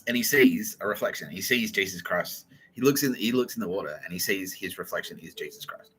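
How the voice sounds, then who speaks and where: A man's voice: low voice, fairly quick, fairly bright tone, slight background noise, poor audio. A man hosting a podcast, retelling a film in a casual, comedic way, swearing and laughing often. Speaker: podcast host.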